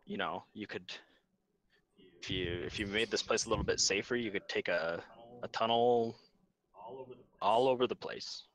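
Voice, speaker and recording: A man voicing a weary, wistful male dwarf exile in a tabletop game, rambling and hesitant with many pauses. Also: on the low side, fairly bright tone, lightly acted. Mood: explaining.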